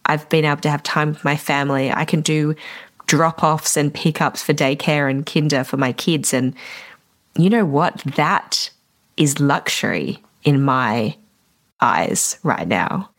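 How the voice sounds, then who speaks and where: This solo podcast host, a wedding photographer, addresses fellow vendors in a low-sitting voice at a measured pace. She comes across as reflective and encouraging, now and then a bit emotional.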